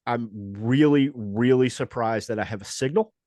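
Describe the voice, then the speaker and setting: A man spins a loose, animated comic story in a relaxed podcast chat, his voice sitting in an everyday middle range. He keeps tossing in asides and timed pauses. The sound is dry and close, with almost no room around him. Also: medium pitch, dry recording. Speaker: podcast guest, comedian.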